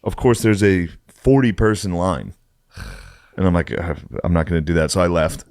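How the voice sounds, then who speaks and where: Low-voiced man telling a profane story. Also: moderate pace, no echo, studio quality. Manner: profane, animated anecdote-telling with acted-out quotes. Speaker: podcast storyteller. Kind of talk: casual chat.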